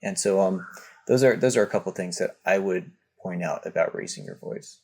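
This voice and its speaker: A man's voice: low-pitched, normal speed, slightly rough. A man speaking as a guest in an interview, explaining his ideas patiently with many restarts and acted-out examples. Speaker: parenting guest. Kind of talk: conversational interview.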